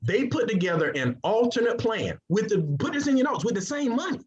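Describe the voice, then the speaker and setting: A man giving an energetic sales presentation, drawing call-and-response from his audience. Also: extremely high pitch, fairly quick, a loud crowd. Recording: dull lo-fi recording.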